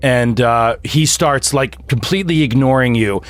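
Man, game master, mid-pitched voice, horror storytelling, video call, fillers. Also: unhurried, dry recording. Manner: vivid storytelling with fillers and restarts, bursts into loud sound effects. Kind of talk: narrating a horror tabletop game.

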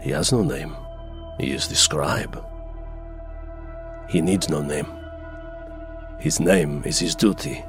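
A man's voice: a bass voice, slow pace, pauses often, voice pushed down. A man voicing an unsettling male dressmaker who talks in a stiff, formal way, over background music. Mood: eerie. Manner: stiff formal phrasing, soft and creepy.

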